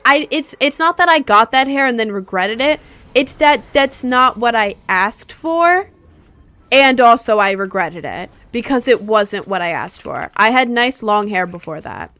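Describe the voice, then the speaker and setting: A woman's voice: a little high, expressive, measured pace, pushed and bright, dry recording. Chatty young woman streaming a game. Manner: chatty, rambling, reacting to chat and the game. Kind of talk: casual live-stream chat while gaming.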